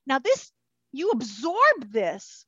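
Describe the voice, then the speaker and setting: A high-pitched woman chats as a podcast guest, lively and loose-tongued, swearing freely and slipping into voices she quotes. The sound is dry and a little dull. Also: takes it slowly, no room sound. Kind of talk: casual interview chat.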